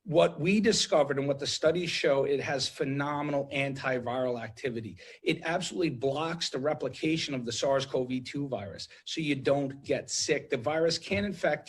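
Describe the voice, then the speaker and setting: A man's voice: medium pitch, normal speed, slightly rough. A man speaking as an intensive care doctor in a TV interview, urgent and emotional, repeating himself with many restarts. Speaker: ICU doctor guest.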